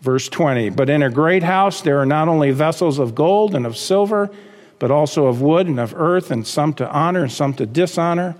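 A man's voice: a little high, animated, normal speed, big-room sound. A man preaching a sermon as a pastor, reading scripture and driving points home with emphatic repetition. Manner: preaching with rising emphatic bursts and repeated phrases.

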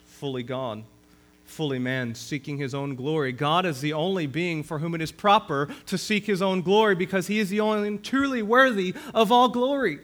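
A man preaching a sermon as pastor of a church, earnest and rising to emphasis when he quotes scripture. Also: fairly high pitch.

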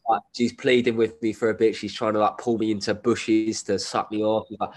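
A deep, low-pitched man, spinning a story casually for a podcast. He swears freely, drops laddish slang, and sounds like he is nursing a cold. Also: level tone, fairly quick, a little mellow. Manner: swearing, laddish slang, laughs while telling. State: has a cold. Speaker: guest, endurance runner.

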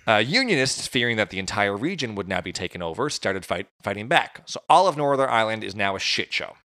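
A man's voice: on the low side, sing-song, quick pace, pushed and bright, no room sound, clean studio sound. A man recounting history in a casual chat, with jokey asides. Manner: conversational storytelling, jokey asides. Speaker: podcast host.

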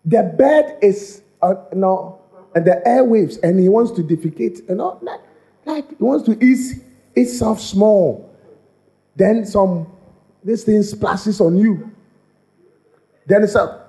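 A pastor preaches a sermon in an animated, repetitive style, frequently stumbling and starting his words over. His high voice swings widely in pitch, and his delivery is slow and unhurried.

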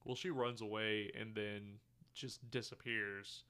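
A man with a bright, crisp, smooth voice chats casually on a podcast, walking through a movie's plot. He rambles, stacks fillers and acts out the characters' lines as he recaps. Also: on the low side, steady tone, slow. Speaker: podcast co-host. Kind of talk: casual movie review chat.

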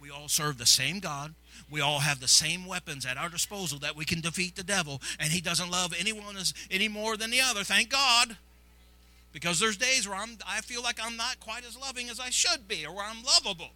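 A man from Illinois leads his church in a sermon. His voice sits fairly high and rings very bright and sharp. He preaches fervently, repeating phrases and dropping to near-whispers before rising into loud cries. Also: a little fast, low-quality recording. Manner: fervent, repetitive preaching that swings from hushed to loud. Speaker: pastor. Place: church sanctuary.

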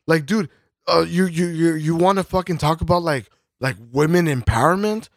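A man's voice: on the high side, normal speed, dry recording, studio quality. A man co-hosting a podcast in casual chat, swearing constantly and rambling with fillers and restarts. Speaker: podcast co-host.

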